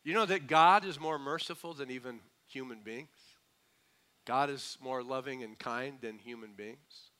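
A man preaching a sermon to a congregation, asking them questions and swinging between hushed, quick asides and slow, emphatic lines. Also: medium pitch, clean tone. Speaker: pastor.

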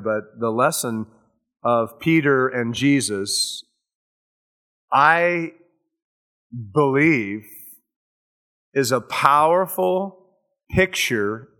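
Male preacher, unhurried delivery, earnest, swells and drops in volume, mid-pitched voice. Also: sharp tone. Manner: acts out quoted speech in casual modern words. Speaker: pastor. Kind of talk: sermon, verse-by-verse Bible teaching.

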